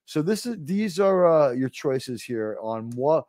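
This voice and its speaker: A man's voice: medium pitch, measured pace, no echo, clean studio sound. Rambling New York-accented male streamer. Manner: rambling, restarts mid-sentence, animated bursts. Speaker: livestream host. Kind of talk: casual live-stream chat.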